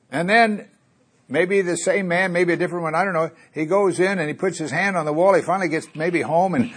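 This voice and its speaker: A man teaching a Bible study sermon, reading scripture slowly and emphatically, then explaining it in a folksy, conversational way with jokes and asides. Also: on the high side, a bit bright, slightly rough. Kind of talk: expository sermon.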